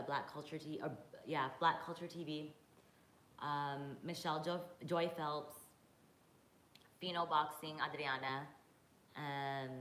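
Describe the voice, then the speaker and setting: A woman's voice: low-pitched, fairly bright tone. A woman hosting a casual live-stream Q&A, chatting with viewers and reading their comments aloud with plenty of fillers. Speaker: boxing podcast host. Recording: echoey room with faint noise.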